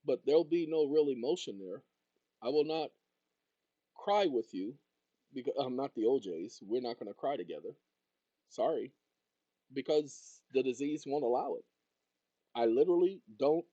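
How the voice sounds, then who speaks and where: A man's voice: mid-range voice, lively intonation, normal speed, pauses often, dark tone, dry recording, highs cut off. A man hosting his own channel, talking straight to viewers in a rambling monologue with jokey asides. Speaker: channel host and consultant.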